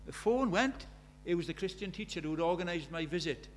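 A man's voice: sits high, expressive, fairly quick, slight background noise. A British man preaching a sermon, telling stories with emphasis and repeating key phrases.

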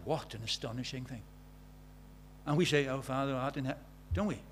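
A man preaching a sermon, conversational and animated, swinging from loud exclamations to quiet, intimate tones. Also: mid-range voice, fairly quick, slight background noise. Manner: conversational, uses quoted dialogue and filler words.

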